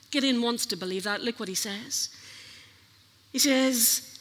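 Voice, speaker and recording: A woman's voice: a little high, normal speed, a bit bright. A woman preaching a sermon, earnestly questioning her listeners. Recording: long hall reverb.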